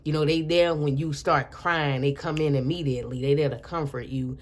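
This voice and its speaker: A woman giving a casual intuitive tarot reading, rambling and chatty with frequent restarts, soft and earnest, drawing out key words. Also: low-pitched, steady tone, normal speed. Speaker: tarot reader.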